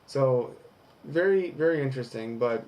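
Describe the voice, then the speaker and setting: A man's voice: medium pitch, animated, normal speed, dull audio. Frank man in a casual personal vlog. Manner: reads from an article, then rambles in frank reflection with profanity. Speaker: vlogger.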